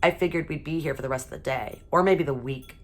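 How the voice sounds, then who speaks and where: A woman teacher reading a children's chapter book aloud in a steady, expressive way. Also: low voice, quick pace.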